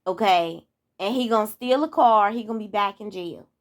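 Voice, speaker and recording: A woman's voice: mid-range voice, normal speed, no echo, clean studio sound. A young woman in her twenties venting on her channel in a casual monologue, exasperated, repeating herself and throwing out rhetorical questions. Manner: talks straight to viewers, asks rhetorical questions. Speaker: vlogger.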